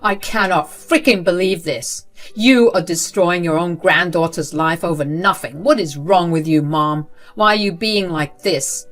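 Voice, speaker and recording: A woman voicing a furious middle-aged father, confronting his mother in an outraged, shouting way. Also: on the low side, animated, unhurried, soft background music.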